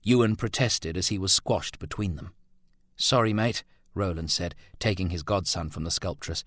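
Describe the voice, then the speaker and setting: Low-voiced male audiobook narrator. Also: moderate pace, dry recording, clean studio sound. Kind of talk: scripted narration.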